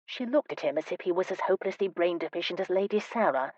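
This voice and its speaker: A woman with a lowish voice reads a historical romance in calm, even narration. The recording is close and dry, with a slightly dull, muffled top end. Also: fast talker, few pauses, no room sound. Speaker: audiobook narrator. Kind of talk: scripted narration.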